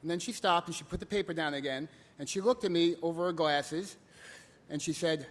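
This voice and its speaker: A man telling a personal story live on stage, animated and comic. His voice sits notably high for a man. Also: fairly quick.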